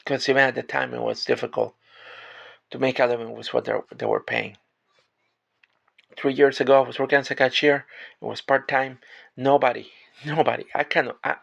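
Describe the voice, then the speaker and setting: A heavily gravelly man from Puerto Rico rants to the camera about his retail job. He sounds exasperated and swears freely, often stumbling and restarting his words. His pitch sits in an ordinary middle range. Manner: halting restarts when upset. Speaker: retail worker. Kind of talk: venting rant to camera.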